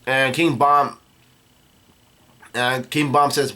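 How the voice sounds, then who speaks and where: A man casually recapping a comic chapter, halting with many fillers and restarts. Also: mid-range voice, fairly even intonation, a bit bright.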